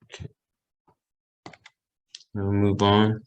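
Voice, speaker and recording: Slow, low-voiced man teaching online. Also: completely flat delivery, highs cut off. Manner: patient, explains slowly and repeats example phrases. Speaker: language teacher. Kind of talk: online language lesson. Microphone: computer mic on a video call.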